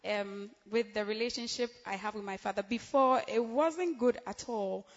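A young woman from Ghana giving a giggly, excitable church testimony, laughing often between phrases. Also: a little high, normal speed, in a large hall, lo-fi sound. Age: young adult.

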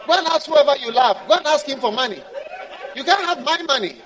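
A man's voice: sits high, expressive, fast, fairly bright tone, a faint crowd. A man voicing a cold husband who curtly refuses every request with scornful laughing refusals. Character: cold husband dismissing an unloved wife.

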